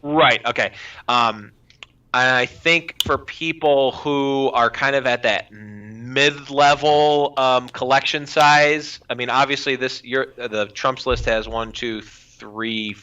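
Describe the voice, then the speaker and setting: A man co-hosting a podcast, analysing a card game in casual chat and often pausing to find his words. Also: mid-range voice, sharp tone, clean tone. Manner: hesitant, many filler pauses. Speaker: podcast co-host. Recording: dull lo-fi audio.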